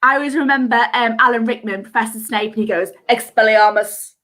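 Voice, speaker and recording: A woman's voice: fairly high pitch, fast talker, bright, forceful tone. A woman hosting a live online quiz from home, chatty and giggly, reading out answers in a sing-song lilt over a video call mic. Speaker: quiz host.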